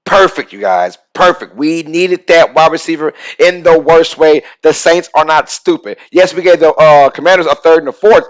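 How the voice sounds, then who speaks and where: A man hosting a casual live-stream sports talk show, excitable and reading out chat comments as he goes. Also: on the high side, normal speed, hardly any pauses, rough recording.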